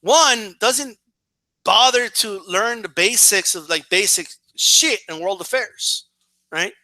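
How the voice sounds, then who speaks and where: A man's voice: high-pitched, takes it slowly, pushed and bright, no room sound. A man giving profane, emphatic political commentary in a casual rant, full of fillers and "right?" tags.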